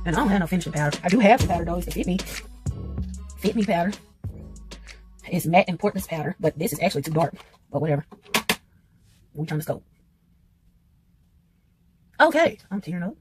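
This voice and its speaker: Chatty woman vlogging over loud hip hop. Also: lowish voice, expressive, brisk, long pauses. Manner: chatty, self-deprecating, talks to viewers as y'all. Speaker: beauty vlogger. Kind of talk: casual makeup tutorial chat. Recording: loud hip hop music playing behind.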